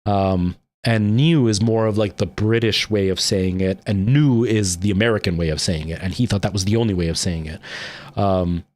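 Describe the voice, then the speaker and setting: A man's voice: fairly low pitch, moderate pace, a little mellow. A man in his thirties with a Canadian accent, chatting casually and rambling to his livestream viewers, with lots of ums and restarts. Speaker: streamer.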